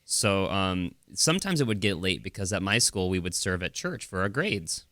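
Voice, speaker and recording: A man's voice: low voice, normal speed, dry recording. A man from America co-hosting a podcast, telling stories in casual chat and laughing often. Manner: animated storytelling, laughs often. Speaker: podcast co-host.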